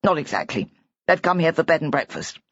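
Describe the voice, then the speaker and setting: A woman voicing a whimsical, good-humoured older father who drawls and gently teases. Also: sits low, very animated, brisk, no echo, heavily acted. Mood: teasing. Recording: dull, dry lo-fi audiobook recording.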